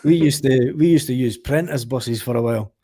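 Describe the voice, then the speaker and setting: A Scottish man swapping swearing, animated anecdotes in a casual podcast chat. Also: mid-range voice, fairly quick, a crowd in the background. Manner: animated storyteller, swears freely. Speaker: podcast guest or panelist.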